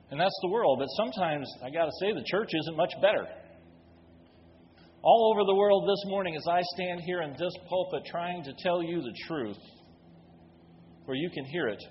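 A pastor with a fairly high voice preaches from the pulpit of a church sanctuary, building force through emphatic rhetorical questions. The recording sounds dull, with a long hall reverb and a little hiss or hum.

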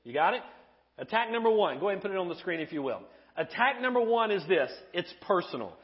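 Pastor guy preaching, higher voice, kinda muffled lo-fi sound, jokes around with the crowd. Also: fast. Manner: animated, asks the congregation questions; playful humor. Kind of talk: sermon. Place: church with live congregation.

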